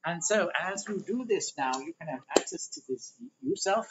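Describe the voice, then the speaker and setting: A man with a fairly high voice leads a spiritual workshop on a livestream. He talks loosely, rambling through diagrams. The audio is dull and lo-fi, with a faint hiss behind it. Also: very animated, moderate pace. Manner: rambling, conversational, explains while drawing diagrams. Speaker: spiritual teacher.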